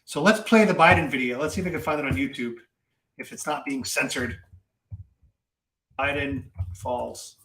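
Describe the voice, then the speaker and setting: A man giving casual political commentary to his viewers, animated and chatty with many fillers and repeats. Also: medium pitch, moderate pace, pauses often, roomy sound.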